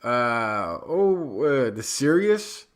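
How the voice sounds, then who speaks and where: A man's voice: mid-range voice, sing-song, very slow. A man co-hosting a science podcast from home, rambling and searching for words in casual chat. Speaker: podcast co-host.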